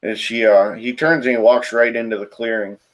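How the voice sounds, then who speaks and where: A man narrating as game master of a tabletop role-playing game, in a halting way with fillers. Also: medium pitch, level tone.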